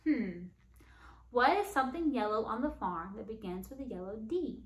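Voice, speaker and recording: A woman reading a picture book aloud to young children, animated and coaxing as she asks them questions. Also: fairly high pitch, moderate pace. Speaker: storytime reader. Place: library room. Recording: echoey room.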